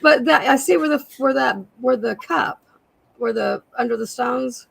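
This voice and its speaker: A woman with a raspy voice, a guest seller chatting casually on a live sale and describing jewelry pieces. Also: sits high, normal speed, a bit bright, no echo, rough recording.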